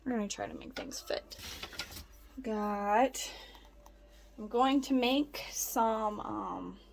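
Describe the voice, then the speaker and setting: A woman's voice: takes it slowly, vocal fry, slight background noise. A young woman casually narrating a home vlog, chatty and playful as she puts groceries away. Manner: chatty, playful, talks to her cat in a squeaky baby voice. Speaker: vlogger. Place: home kitchen.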